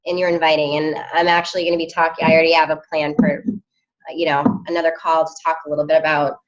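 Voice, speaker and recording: A woman's voice: sits low, flat delivery, quick pace, highs cut off. A woman coaching her team on a call, upbeat and chatty with many fillers.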